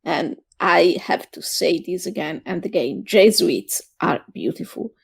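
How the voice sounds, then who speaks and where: A woman co-hosting a casual review podcast, explaining history slowly with many hesitant pauses. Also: fairly low pitch, expressive, vocal fry, husky, dry recording. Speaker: podcast co-host.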